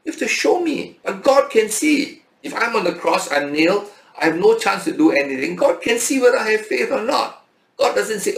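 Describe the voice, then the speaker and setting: A man's voice: sits high, big pitch swings, normal speed, vocal fry. A man giving an emphatic Bible study lecture, often checking in with his listeners. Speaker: Bible teacher. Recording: echoey room.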